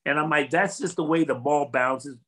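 A man's voice: fairly high pitch, moderate pace, fairly bright tone, rough recording. An older man, a former football player, talking as a guest in a casual interview, earnest and reflective, rambling with restarts.

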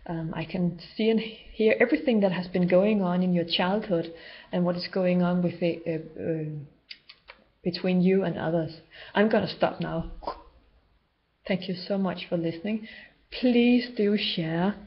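A woman's voice: fairly low pitch, steady tone, a little slow. A woman vlogger talking unscripted to camera about spiritual healing, rambling and loosely structured. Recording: dull lo-fi home video sound.

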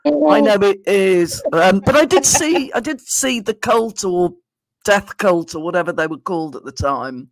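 A woman's voice: mid-range voice, lively intonation, a little slow, dry recording. A woman hosting a podcast, telling anecdotes with frequent laughs and hesitant fillers. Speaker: podcast host. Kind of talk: casual chat.

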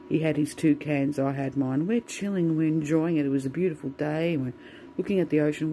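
A woman's voice: sits low, warm tone, a little hiss or hum, poor audio. A woman venting in a casual, swear-filled monologue to the camera. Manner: swears a lot, ranting. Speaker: vlogger.

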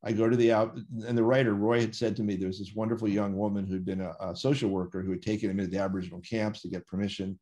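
A slightly low-voiced American man spins long anecdotes as an interview guest over a video call. He wanders through his stories, breaks off with "um" and "you know", and corrects himself midway. The talk is loose and conversational. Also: little pitch movement, racing, hardly any pauses, mellow. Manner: rambling anecdotes with many fillers and self-corrections. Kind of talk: storytelling in a conversation.

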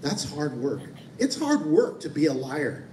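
A man's voice: on the high side, wildly swooping pitch, measured pace, background noise. A man pastor, preaching a sermon in a conversational way with playful asides. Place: church sanctuary. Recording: echoey church hall from far off.

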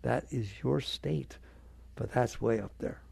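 Gravelly, husky man giving a spiritual talk. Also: medium pitch, slow, darkish tone, no room sound. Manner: earnest and conversational, coaxing. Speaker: spiritual teacher.

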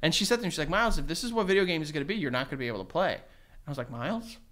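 A man's voice: fairly high pitch, very fast. A man co-hosting a casual podcast chat, telling stories with lots of acted-out quotes and laughter. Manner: animated storytelling, acts out quotes, laughs often. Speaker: podcast co-host.

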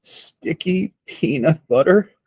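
A gentle, hungry zombie moans each word, drawn out slow and breathy, as a man voices him for a storybook. The sound is dry and close, with no room around it. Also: on the high side, expressive, no room sound, pitched above the performer's own voice, exaggerated voice. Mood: moaning, longing. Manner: slow, moaning delivery.

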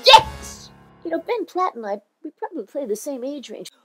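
Actress doing a scatterbrained older diva: high, swooping voice, gushing and rambling, faint music behind. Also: female voice, big pitch swings, moderate pace. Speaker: comic impressionist. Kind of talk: comic celebrity impression monologue.

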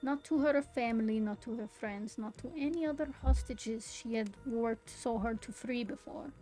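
Speaking at a moderate pace in a warm, slightly high voice, a young woman on stream performs a game's story as a dramatic read-aloud. She breaks off now and then to giggle and make amused remarks. Faint music plays, and the recording is rough.

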